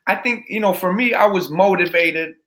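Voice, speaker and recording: A man, a motivational speaker talking as a podcast guest in an energetic, rambling way, full of restarts. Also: high voice, normal speed. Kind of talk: casual interview chat.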